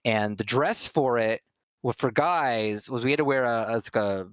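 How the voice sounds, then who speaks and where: A man's voice: medium pitch, moderate pace, no room sound. A man streaming, telling a funny story in casual chat, laughing and restarting often.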